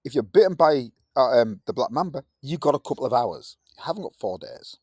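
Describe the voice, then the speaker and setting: A man teaching a science lesson in a playful way, jumping into high, silly voices to act things out. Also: sing-song, brisk, darkish tone, husky, no room sound, studio quality. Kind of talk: classroom lesson.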